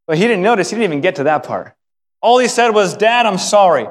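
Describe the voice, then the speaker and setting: A male pastor preaching a sermon, telling a story with lively acted voices and repeating words when excited. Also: high voice, fast talker. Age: adult, married. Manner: animated storytelling, acting out voices of the father and son. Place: church sanctuary. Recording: hall reverb.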